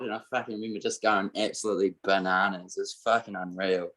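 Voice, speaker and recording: A New man co-hosting a podcast, talking excitedly and swearing freely. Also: fairly low pitch, quick pace, few pauses. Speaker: podcast co-host. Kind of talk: casual podcast chat. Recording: loud crowd noise behind.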